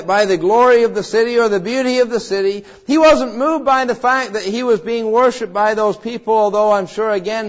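High-voiced man preaching with deep emotion. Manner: emotional, swings between loud cries and hushed low tones; acts out quoted voices in the story. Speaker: pastor. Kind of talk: sermon. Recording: dull lo-fi sound.

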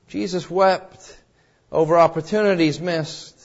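A man preaching a sermon with deep emotion. He swings between loud cries and hushed low tones and acts out the quoted voices in his story. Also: moderate pace. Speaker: pastor. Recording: dull lo-fi sound.

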